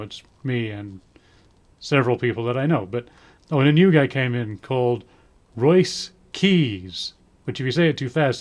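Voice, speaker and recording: A man's voice: medium pitch, a little mellow. A man giving a casual spoken review in a rambling way, full of ums, with dry sarcastic asides. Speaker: wrestling show reviewer.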